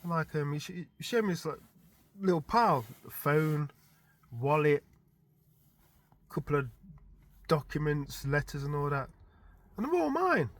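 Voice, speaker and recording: A middle-aged man tells a story in a loose, meandering way, slightly higher-pitched than most men. He chuckles often as he talks and leans on filler words. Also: steady tone, measured pace, pauses often. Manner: rambling, chuckles often, full of fillers like "like" and "type thing". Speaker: vlogger recounting his dreams. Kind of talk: casual storytelling monologue.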